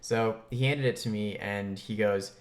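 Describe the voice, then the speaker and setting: A man with a fairly low voice tells a funny childhood story in a loose, chatty way. He leans on fillers and rises into bursts of mock outrage as he goes. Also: fairly even intonation, a little slow. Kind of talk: casual comedic storytelling.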